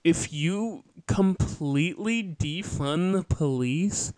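A man's voice: fairly high pitch, takes it slowly, a little mellow, no echo. A man hosting a podcast, delivering an opinionated, lecturing political monologue with a sardonic edge. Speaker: podcast host.

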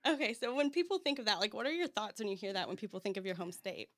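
A woman hosts a casual podcast chat. She laughs often and keeps the talk light and friendly. Her pitch sits in a middle range, and the recording is dry and close with no room around her. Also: big pitch swings, fast, fairly bright tone, dry recording. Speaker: podcast host.

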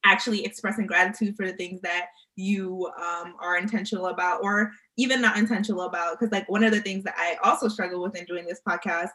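A woman's voice: on the low side, steady tone, fast, hardly any pauses, pushed and bright, rough recording. A woman hosting a casual podcast, bubbly and laughing often, speaking in bursts. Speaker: podcast host.

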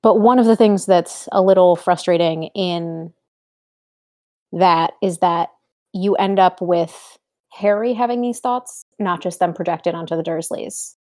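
A young woman in casual discussion, chatty and quick, explaining her points with examples and asides. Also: lowish voice, warm tone. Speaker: podcast co-host.

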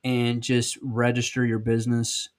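A man's voice: mid-range voice, completely flat delivery, measured pace. Blunt Southern man in his thirties. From South Georgia, USA. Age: 30s. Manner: blunt, folksy, emphatic, with many ums and restarts. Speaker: podcast host and sales trainer. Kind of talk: casual podcast monologue.

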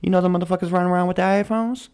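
A man voicing a pushy, brash, profane talking podcast app in a comedic ad read, with quick pitchman delivery. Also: steady tone, a little mellow, clear, resonant tone, close to an everyday voice.

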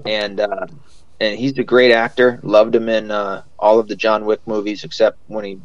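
A podcast host with a fairly low voice and flat delivery chats casually at normal speed, rambling with lots of fillers and swearing freely. The audio sounds dull.

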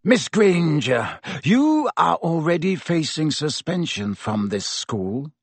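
A man's voice: a little high, sing-song, takes it slowly, vocal fry, fairly bright tone, husky, no room sound, heavily acted. A man voicing a cold, vindictive middle-aged male schoolteacher who speaks silkily and hisses. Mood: spitting fury. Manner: silky, hissing, rising to shrieks.

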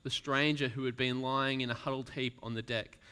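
A pastor giving a sermon and reading a story aloud, slow and deliberate, dropping his voice soft for emphasis. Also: mid-range voice, little pitch movement, smooth.

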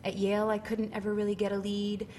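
A woman's voice: medium pitch, completely flat delivery, fast talker, mellow, a little hiss or hum. A middle-aged woman from Cambridge, Massachusetts with a Boston accent, chatting animatedly as an interview guest, with many fillers and restarts. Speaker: guest, musical theater actress. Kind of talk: casual interview.

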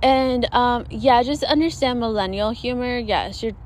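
A woman's voice: a little high, measured pace, slight background noise. A young woman hosting her own podcast, talking casually and profanely with frequent laughs, recording outdoors in the desert while planes fly overhead. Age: young adult. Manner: chatty, profane, self-mocking, often laughing. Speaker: podcast host. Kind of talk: casual solo podcast monologue. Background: passing airplanes.

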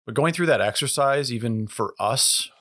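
A man as a guest on a podcast, talking in a relaxed, agreeable way and telling everyday stories. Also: mid-range voice, normal speed. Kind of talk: casual conversation.

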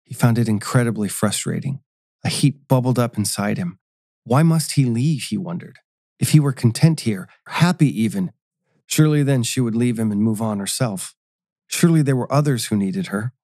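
A man narrating a scripted short story in a measured storytelling manner. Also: mid-range voice, animated, creaky, warm tone, no echo, clean studio sound.

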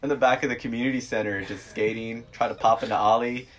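A man in his thirties co-hosting a relaxed podcast chat. He tells his stories loosely and unhurriedly, laughs often, and swears casually along the way. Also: mid-range voice, quick pace, a crowd in the background. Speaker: podcast co-host.

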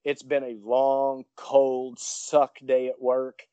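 A man, a professional wrestler, telling a story in an interview, rambling excitedly with many restarts. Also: mid-range voice, slow, clear, resonant tone, no echo.

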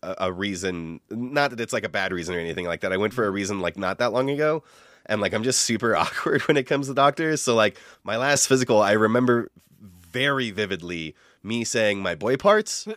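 A man's voice: on the low side, brisk, a bit bright, dry recording, clean studio sound. A man co-hosting a casual podcast chat, a bit nasal from allergies, rambling and laughing as he talks. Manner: rambling, laughs often, self-interrupting. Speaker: podcast co-host.

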